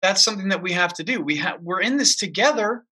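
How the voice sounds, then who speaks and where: A man with a high, very bright and piercing voice argues with emphatic insistence, hammering his points by repeating them. He talks in a casual, heated political chat. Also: animated, fast talker, slightly rough. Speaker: podcast co-host.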